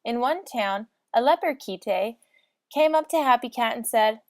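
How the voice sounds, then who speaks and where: A woman's voice: on the high side, expressive, measured pace, no room sound, clean studio sound. Woman reading comic lolcat story, mock-solemn. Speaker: narrator.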